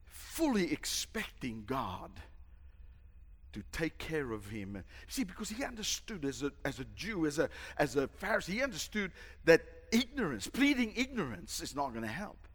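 A male pastor preaching a sermon, emphatic and dramatic, shouting at the peaks. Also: fairly high pitch, sing-song, normal speed. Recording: long hall reverb.

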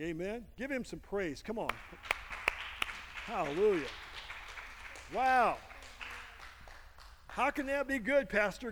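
A male pastor preaching a sermon, telling a story and calling for amens from the congregation. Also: high-pitched. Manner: storytelling preacher, calls for amens, builds to loud praise. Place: church sanctuary. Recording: long reverb in a church hall with music.

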